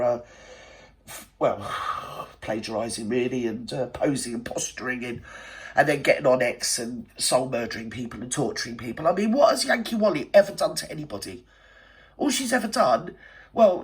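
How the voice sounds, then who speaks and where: A man's voice: medium pitch, slightly rough. A man voicing a brash, gossipy older widowed woman, rambling and indignant in a satirical monologue. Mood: fond, chatty. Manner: rambling, indignant, threatening, full of fillers. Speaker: satirical channel host.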